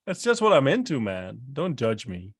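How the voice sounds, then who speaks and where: A man's voice: medium pitch, huge pitch swings, moderate pace, breathy edge. A man hosting a casual chat, reacting to a guest with short remarks and laughs.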